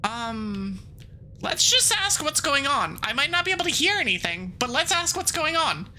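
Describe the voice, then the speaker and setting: A woman streaming a game as a VTuber, chatting casually in a rambling, playful way full of quick asides and giggles, and reading the game's text aloud. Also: high-pitched, big pitch swings, bright, forceful tone, a little hiss or hum, rough recording.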